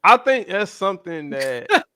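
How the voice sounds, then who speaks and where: Animated bright-voiced man, casual slang. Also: measured pace. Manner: animated, slangy, jumps into high-pitched voices when quoting others. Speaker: podcast co-host. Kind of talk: casual chat.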